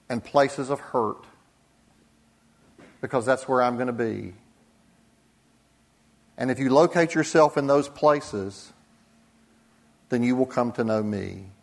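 A man preaching a sermon as pastor, deliberate, with dramatic pauses and soft drops for emphasis. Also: mid-range voice.

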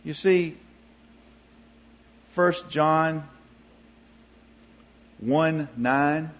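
A man preaching a sermon, telling a story in a folksy, expressive way. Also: fairly high pitch, drawn-out words.

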